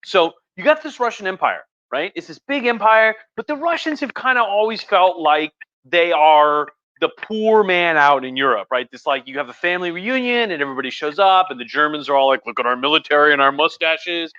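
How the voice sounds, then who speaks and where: Bright-voiced tipsy man rambling casually. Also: fairly high pitch, lively intonation, fairly quick, clean tone, dry recording, dull audio. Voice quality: profane, rambling, lots of fillers. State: tipsy from wine. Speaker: history professor hosting a drunk livestream. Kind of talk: casual rambling history talk.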